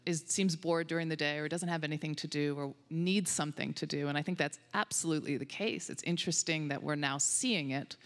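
A woman's voice: low-pitched, fairly quick, hardly any pauses. A woman being interviewed as a researcher, telling stories with enthusiasm and animation. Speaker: guest researcher on dog cognition. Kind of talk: conversational interview answers. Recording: long hall reverb.

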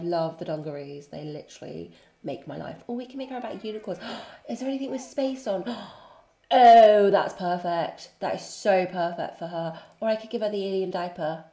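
A woman's voice: fairly low pitch, moderate pace, roomy sound. A young woman gushing and cooing as she comments on a life-sim game she is playing. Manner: gushing, excitable, cooing baby talk. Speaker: gaming YouTuber. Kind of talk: let's-play commentary.

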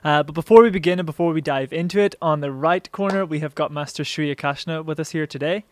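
A man's voice: on the high side, quick pace, no room sound. A man hosting a casual interview show, upbeat and joking, laughing often. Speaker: host.

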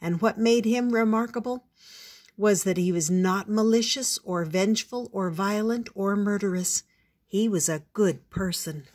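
A woman voicing a wise, patient male owl in a storybook reading, calm and explaining. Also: mid-range voice, a little slow, lightly acted. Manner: calm, explaining, a little stern.

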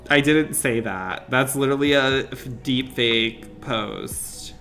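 A man streaming a mobile game, doing playful, over-the-top excited commentary in the manner of a mock sponsored ad. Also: medium pitch, takes it slowly, soft background music.

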